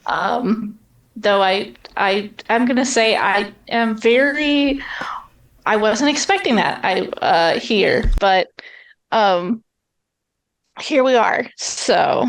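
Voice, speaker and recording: A woman's voice: mid-range voice, lively intonation, slow pace, low-quality recording. Woman playing a shy stammering adventurer. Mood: bashful. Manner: stammering, hesitant. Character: shy, modest female adventurer.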